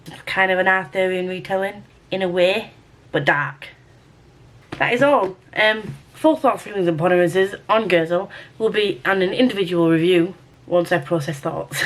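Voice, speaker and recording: A young woman talking casually to camera in a weekly reading vlog, chatty and rambling with quick asides. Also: lowish voice. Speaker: book vlogger.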